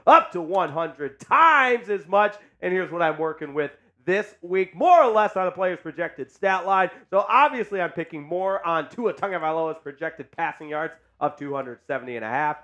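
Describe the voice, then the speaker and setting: A man hosting a casual live sports chat stream, hyped and joking as he shouts out viewers. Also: sits high, animated, moderate pace, few pauses, muffled recording. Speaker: sports show host.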